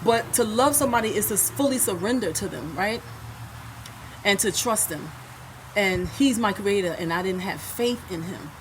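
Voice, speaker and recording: A middle-aged woman telling a personal story to her viewers on a phone, chatty and laughing often, sometimes softening into earnest talk, a bit out of breath. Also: mid-range voice, expressive, moderate pace, low-quality recording. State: out of breath and sweaty. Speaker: vlogger. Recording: traffic noise behind her.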